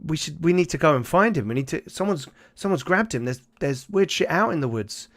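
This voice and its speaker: A man voicing a panicked middle-aged father whose son has gone missing, pleading in a rushed, breathless way. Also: on the high side, pitched above the performer's own voice, lightly acted.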